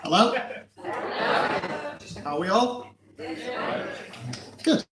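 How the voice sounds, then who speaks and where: A man performs a stand-up routine at a live comedy gig, poking fun at himself in a dry, self-mocking way. His voice sits a touch high and lively. It comes from a distant mic in an echoey room with loud noise behind it. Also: drawn-out words. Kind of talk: first-time stand-up routine.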